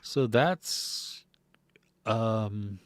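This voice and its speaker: Talking very slowly in a voice on the low side, an American man hosts a laid-back podcast. He wanders through movie chat and viewer comments with plenty of fillers and small laughs, and the recording has no echo.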